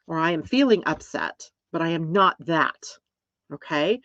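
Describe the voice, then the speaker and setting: A woman's voice: sits low, expressive, measured pace, fairly bright tone, dry recording. A woman teaching astrology in a casual, reflective way, often checking in with listeners. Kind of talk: casual explanatory talk. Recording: dull, lo-fi, dry recording.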